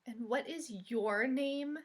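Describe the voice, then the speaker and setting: Lady doing a shy polite porcupine guy for a storybook, soft questions, high pitch. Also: slow pace. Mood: curious. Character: polite shy male porcupine, gentle and curious. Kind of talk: picture book read-aloud.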